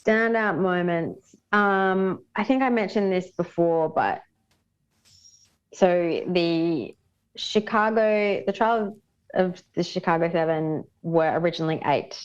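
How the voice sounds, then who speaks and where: A woman's voice: fairly low pitch, slow pace, smooth, muffled recording. A woman as the show's pop culture correspondent, reviewing a film in casual podcast chat, with many ums and restarts.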